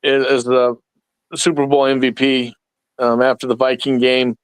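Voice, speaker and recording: Smooth-voiced man, podcast guest. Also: mid-range voice, level tone, dry recording, poor audio. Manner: reflective, halting with fillers. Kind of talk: casual chat.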